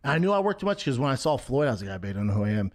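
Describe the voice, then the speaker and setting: A man telling animated, profane anecdotes in casual podcast chat, played from a clip. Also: mid-range voice, rapid-fire, no room sound, studio quality. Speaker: podcast guest telling stories.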